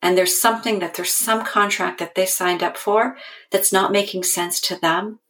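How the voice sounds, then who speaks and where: A woman in her forties, a podcast guest and mentor, telling a story and giving guidance in a calm, earnest, reflective way. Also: mid-range voice, normal speed.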